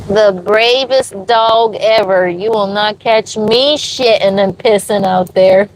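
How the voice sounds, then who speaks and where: A woman's voice: medium pitch, slow pace, a little hiss or hum, poor audio. A woman from the USA chatting with her live-stream viewers from a sailboat, cooing over her dog. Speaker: vlogger answering live chat. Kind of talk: casual live-stream chat.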